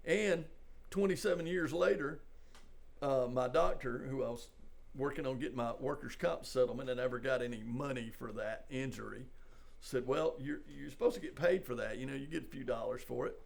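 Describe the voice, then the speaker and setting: An older man, a police sergeant, telling a personal story in a halting, conversational way, full of "you know". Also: medium pitch, creaky. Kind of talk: storytelling in a podcast interview.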